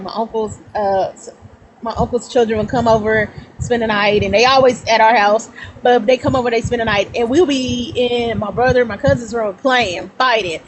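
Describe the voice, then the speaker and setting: A woman in her thirties telling childhood stories on a livestream, animated and laughing, rambling between thoughts. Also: fairly high pitch, a little hiss or hum, rough recording. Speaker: guest. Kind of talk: casual storytelling on a livestream.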